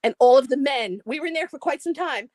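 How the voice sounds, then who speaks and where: A middle-aged woman tells a funny story with lots of animation and laughter. Her voice sits high, and the video-call sound is dry with no room echo. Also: lively intonation, fast, a little mellow. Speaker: live stream caller.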